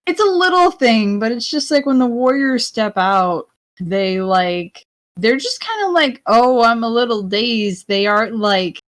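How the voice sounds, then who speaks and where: A woman's voice: a little high, sing-song, measured pace. A woman co-hosting a livestream, chatting casually and often filling her sentences with "like". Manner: chatty, fills her speech with "like". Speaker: livestream co-host.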